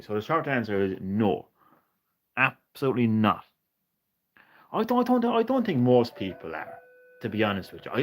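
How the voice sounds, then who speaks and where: A man's voice: mid-range voice, slight background noise. Sweary man ranting on stream. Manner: ranting, sweary, chatty with viewers. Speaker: gaming streamer. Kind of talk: casual live-stream chat.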